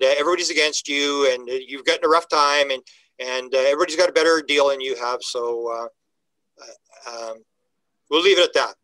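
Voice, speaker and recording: A man's voice: fairly high pitch, pushed and bright, no echo, rough recording. An older man talking casually as a podcast guest, folksy and emphatic, often repeating words as he starts a sentence. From Canada. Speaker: guest, UFO researcher. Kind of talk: casual interview talk.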